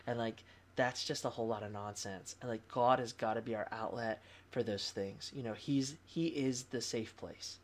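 Young adult man, pastor, candid testimony, animated and chatty, mid-pitched voice. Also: normal speed. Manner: candid, animated storytelling with fillers and laughs. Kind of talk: conversational testimony.

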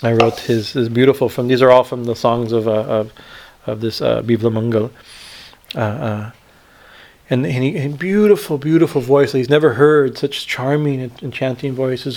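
A man teaching scripture in a spiritual discourse, retelling a story with many pauses and fillers and checking in with "right?". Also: mid-range voice, a little mellow. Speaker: swami teacher.

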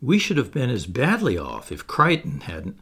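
A man voicing an eager young aristocratic daughter who speaks quickly and excitably. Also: medium pitch, creaky, breathy edge, exaggerated voice. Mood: excitable.

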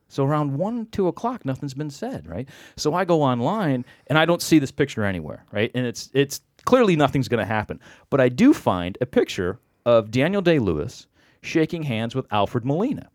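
Man, storytelling, lively up-and-down pitch, dry close sound, acts out voices. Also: dry recording. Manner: animated, acts out quoted voices. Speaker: podcast guest. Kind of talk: storytelling anecdote.

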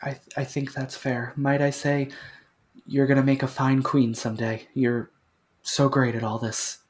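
A man playing a character in a tabletop game, earnest and a bit halting as he speaks in character. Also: medium pitch, level tone, breathy edge. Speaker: player.

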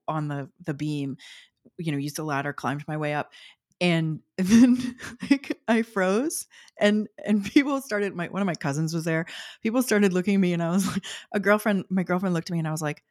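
Speaking at normal speed, a woman with a fairly low, slightly mellow voice guests on a casual interview. She's in her forties and chats through personal stories, with many fillers and frequent laughs.

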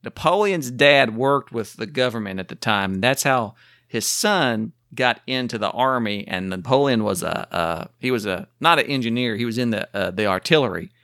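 A man co-hosting a casual podcast chat, rambling excitedly through a history tangent. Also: medium pitch, moderate pace, no room sound, clean studio sound. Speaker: podcast co-host.

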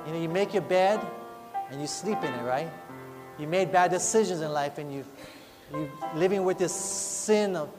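A high-voiced man preaches from the pulpit, sharing a personal testimony in earnest tones. His voice rings with long reverb, and soft music plays behind him. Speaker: pastor. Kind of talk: sermon.

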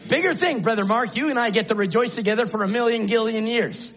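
Male preacher, high-pitched, shouting sermon in a church sanctuary, muffled recording. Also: lively intonation, a little fast, hardly any pauses. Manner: swings from low musing to shouted exclamations.

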